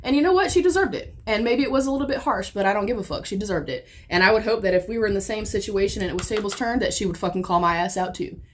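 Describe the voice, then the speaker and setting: A woman talks straight to the camera while getting ready, upset and near tears. Her voice sits at an ordinary middle pitch. She swears constantly and swings between hushed, shaky stretches and sharp loud bursts. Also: very fast, hardly any pauses. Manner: heavy swearing, swings from quiet to sudden loud outbursts. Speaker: beauty vlogger. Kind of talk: emotional get-ready-with-me storytelling.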